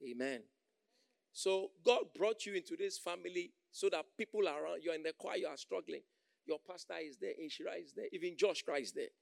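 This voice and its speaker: Male pastor, high gravelly voice, preaching in call-and-response, dry close recording. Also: dry recording. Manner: call-and-response, acts out quoted voices, swings loud and soft. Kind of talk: sermon.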